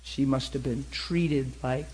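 A middle-aged man preaching, telling a story with animated acted-out dialogue. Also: medium pitch, slow pace, a little hiss or hum, rough recording. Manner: animated, acts out both sides of dialogue. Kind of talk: sermon storytelling.

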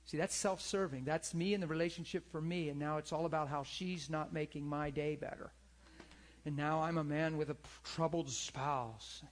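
A man's voice: fairly high pitch, steady tone, moderate pace. A man preaching a sermon in a conversational, earnest way, often calling for agreement. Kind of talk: sermon with personal story.

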